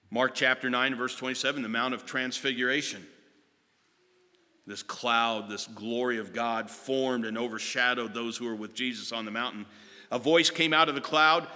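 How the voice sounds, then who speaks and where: A man preaching a sermon as pastor, moving from hushed words to loud ones and slowing down hard on key phrases. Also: mid-range voice, steady tone. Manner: impassioned, swinging from hushed to loud with slow emphatic phrases. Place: church sanctuary. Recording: long reverb of a church sanctuary.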